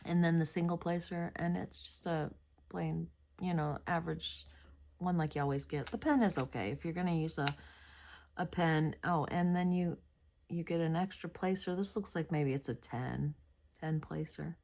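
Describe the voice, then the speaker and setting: A woman's voice: fairly low pitch, moderate pace, creaky, darkish tone, slight background noise. A woman hosting a crafting video, rambling chattily about a kit with many hesitations while yawning and sleepy. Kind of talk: casual product review chat.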